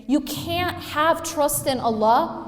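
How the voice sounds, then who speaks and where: A woman's voice: high-pitched, slow pace. A woman giving a religious lecture to an audience, emphatic, often putting questions to the listeners. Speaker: speaker. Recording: echoey hall.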